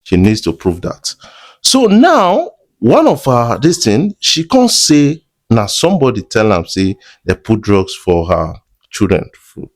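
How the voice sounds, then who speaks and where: A man's voice: on the low side, huge pitch swings, measured pace. A man with a Nigerian Pidgin accent giving chatty commentary to his viewers, mixing Pidgin with English. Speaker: entertainment blogger. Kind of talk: commentary vlog.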